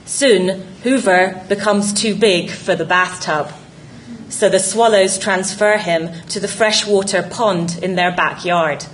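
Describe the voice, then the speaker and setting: Female narrator, unhurried reflective read, mid-pitched voice. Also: steady tone, a little hiss or hum, rough recording. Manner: measured, reflective reading. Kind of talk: scripted essay narration.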